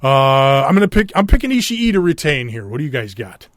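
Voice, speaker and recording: A man's voice: mid-range voice, very animated, brisk, fairly bright tone, no echo, studio quality. A man with a Minnesota accent hosting a wrestling podcast, talking in a loose, rambling way full of fillers and swearing. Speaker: podcast host. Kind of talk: casual chat.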